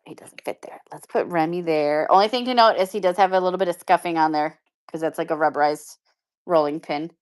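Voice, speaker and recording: A woman's voice: fairly low pitch, a little fast. A woman hosting a live-stream pin auction, chatting casually and upbeat with viewers and laughing often. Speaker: live shopping seller.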